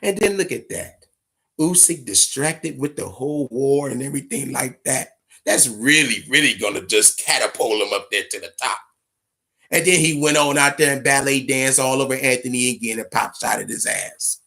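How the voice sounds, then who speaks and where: A man hosting a boxing talk show, telling stories in casual, profane, animated commentary. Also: medium pitch, moderate pace, gravelly. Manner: profane, storytelling, animated retelling.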